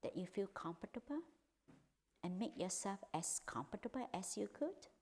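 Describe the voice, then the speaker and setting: A woman leading a guided meditation in a soft, gentle voice that often drops to a half-whisper, with simple, repetitive instructions. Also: medium pitch, lively intonation, normal speed, husky. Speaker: meditation teacher.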